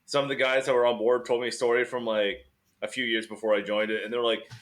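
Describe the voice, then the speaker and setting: A man's voice: mid-range voice, flat delivery, fast, fairly bright tone. A man telling stories in casual podcast chat, laughing and swearing. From Canada. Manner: laughing, profane storytelling. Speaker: podcast co-host.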